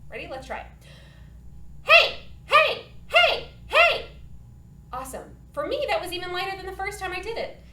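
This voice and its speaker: Upbeat high-voiced woman teaching singing. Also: expressive, racing, a bit bright, reverberant. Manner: upbeat, encouraging, demonstrates with sung examples. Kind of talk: children's singing lesson.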